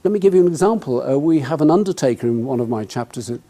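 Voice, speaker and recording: A man's voice: mid-range voice, animated, quick pace, warm tone. A man giving a humorous, conversational talk on networking to a live audience, speaking to them directly.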